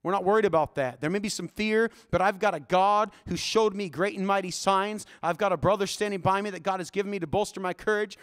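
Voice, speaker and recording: A preacher voicing an eighty-year-old prophet who firmly refuses to back down, in a sermon retelling. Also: male voice, high-pitched, fast talker, hardly any pauses, fairly bright tone, clear, resonant tone. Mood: resolute. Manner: firm, determined. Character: old prophet Moses, resolute and defiant.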